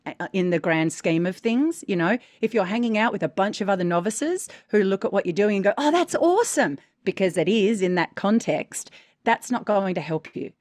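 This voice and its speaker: A woman's voice: mid-range voice, darkish tone, no room sound. Frank woman voice coach, dry studio sound. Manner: frank, emphatic, says "right?" often. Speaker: voice-over coach and podcast co-host. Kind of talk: casual podcast chat.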